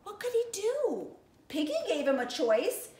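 A woman's voice: extremely high pitch, sing-song, a little slow, mellow, reverberant, slight background noise. A woman teaching young children, speaking in an encouraging way and addressing them as friends. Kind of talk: children's lesson and story reading.

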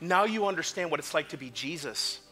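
Male pastor, high bright voice, fervent sermon that swings from hushed to shouting. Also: animated, brisk, faint music behind. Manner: impassioned, swings from quiet to shouting. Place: church sanctuary.

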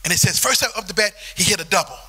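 A man preaching a sermon as pastor, telling a story in an animated way that swells into shouting. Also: high-pitched, rapid-fire, background noise. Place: church sanctuary.

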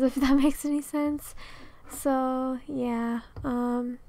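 A woman's voice: high voice, flat delivery, takes it slowly, warm tone, no echo. A young woman chatting casually over a game video, rambling with lots of fillers and little laughs. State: out of breath. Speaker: Sims builder and video creator.

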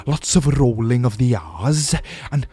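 A man's voice: medium pitch, animated, dark tone, slightly rough, soft background music. Man doing a sly old hag with a half-Welsh lilt. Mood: creepily sweet. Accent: half-Welsh put-on. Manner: rolled R's, drawn-out words, odd pauses. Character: sly old female green hag, friendly but creepy.

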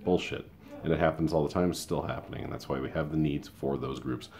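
A man in his fifties who works as a school paraprofessional and hosts a show gives a rambling, conversational opinion monologue full of asides. His bass voice is steady and gravelly, a little mellow, and moves at a quick pace.

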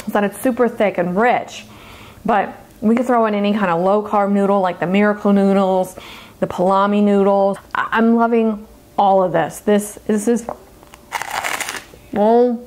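A woman hosting a cooking demonstration as a dietitian, bubbly and gushing with excitement. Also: medium pitch, normal speed. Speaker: dietitian cooking show host.

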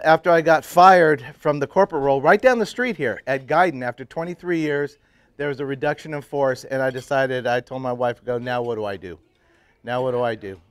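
A man in his fifties, a church pastor, casually telling his life story to a men's breakfast group, swinging from loud, laughing bursts to quiet, earnest stretches. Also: a little high, dry recording. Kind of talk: casual personal testimony talk. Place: live talk to a roomful of men at a breakfast.

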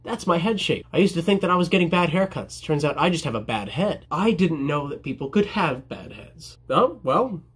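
A young man chats straight to camera, answering viewer questions about his barbering work. His voice is a touch high for a man and slightly husky. He jokes at his own expense and slips into quick impressions of his customers. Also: animated. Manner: jokey, self-deprecating, mimics customers. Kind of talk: casual vlog Q&A.

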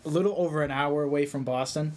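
A man's voice: on the high side, steady tone, fast, darkish tone. A man from Massachusetts, a filmmaker guest, chatting casually, joking and stumbling a little over his words. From Massachusetts, USA. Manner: loose, joking, slightly stumbling. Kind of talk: casual interview chat.

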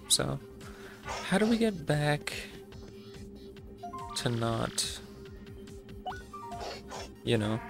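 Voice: mid-range voice, vocal fry. A let's-play host giving chatty, playful commentary while playing.

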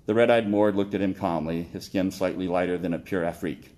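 A man reading his own story aloud, steady with occasional slips and self-corrections. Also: low voice, a little fast.

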